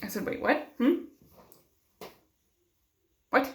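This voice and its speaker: A young woman telling a personal story in a vlog, emotional and acting out what others said to her. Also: takes it slowly. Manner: emotional, acts out quoted dialogue, many fillers. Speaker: vlogger. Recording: roomy echo.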